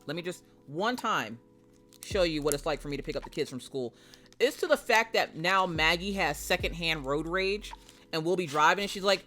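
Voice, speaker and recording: A woman streamer chatting live with her viewers, brash and profane, spinning jokey stories and bursting into loud mock rants. Her voice is bright and forceful, with a little music playing faintly behind her. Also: lowish voice, animated, moderate pace. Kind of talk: casual live-stream chat.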